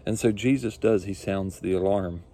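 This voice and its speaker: A man's voice: deep voice, moderate pace, vocal fry, warm tone. A male pastor preaching a sermon, earnest and repetitive, building his points with rising emphasis.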